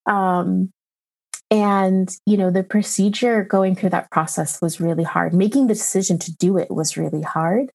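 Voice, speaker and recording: A woman in her thirties, a mother recounting a hard experience in an interview, emotional and halting with many pauses and fillers. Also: medium pitch, fairly even intonation, vocal fry, darkish tone. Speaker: mother telling her story. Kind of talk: personal account in an interview.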